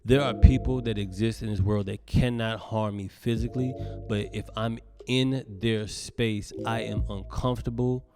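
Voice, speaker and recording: A man from the United States, a comedian hosting a solo podcast, talking in a profane, emphatic rant that swings between loud bursts and hushed asides. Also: fairly low pitch.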